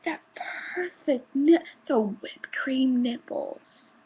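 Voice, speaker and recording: A woman's voice: high-pitched, slow pace, husky, pitched above the performer's own voice, full character voice. A woman putting on a leering old man. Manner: boastful and leering. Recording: dull lo-fi home recording.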